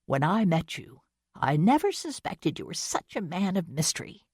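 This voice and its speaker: A woman voicing a kindly, motherly hotel keeper in an audiobook, gentle, soothing and encouraging. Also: fairly low pitch, sing-song, moderate pace, breathy edge, no room sound, studio quality. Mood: fond. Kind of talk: audiobook character reading.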